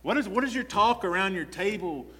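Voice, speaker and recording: A man's voice: high voice, expressive, a little fast, pushed and bright, breathy edge. A male pastor preaching a sermon in a conversational style, often repeating "listen" and asking the congregation rhetorical questions. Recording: long reverb of a large hall.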